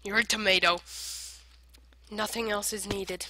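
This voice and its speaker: Slow, rambling woman gamer in noisy recording. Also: medium pitch. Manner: rambling, silly self-talk, argues with herself; jumps between whispered asides and loud outbursts. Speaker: gamer playing online survival matches. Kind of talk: casual gameplay commentary. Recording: noisy home recording with clicks.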